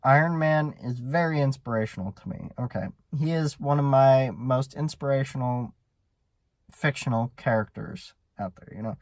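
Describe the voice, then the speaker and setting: A man's voice: medium pitch, moderate pace, darkish tone, no room sound. A man hosting a solo podcast, talking in an earnest, rambling monologue full of restarts and fillers. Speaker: podcast host.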